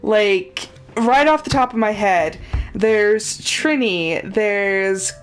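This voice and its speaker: A woman's voice: mid-range voice, drawn-out words, clear, resonant tone, soft background music. A woman streamer chatting casually and laughing often while commenting on a game she is playing live.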